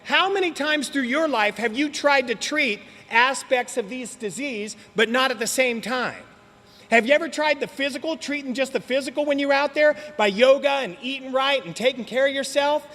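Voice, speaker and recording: A man's voice: very high voice, normal speed, sharp tone. A man telling his story at a recovery meeting in a joking, slangy way, talking straight to the audience. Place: meeting hall. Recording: long hall reverb.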